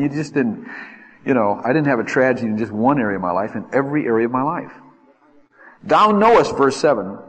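Animated husky male preacher in a hall. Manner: animated, acts out pleas with rising pitch. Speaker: pastor. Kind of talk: sermon. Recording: reverberant hall.

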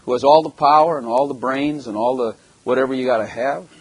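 A man's voice: medium pitch, steady tone, fairly quick, husky, no echo, poor audio. A German-born man preaching a sermon and telling his own story in a blunt, joking way, with rhetorical questions to the congregation. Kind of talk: sermon with personal testimony.

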